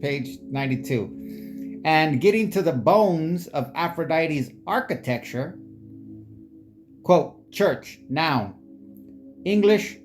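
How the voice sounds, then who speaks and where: Slow halting reader stumbling on words, soft music and singing bowl in back. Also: medium pitch, lively intonation. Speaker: reader sharing quotes and sources. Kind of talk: reading quotes aloud.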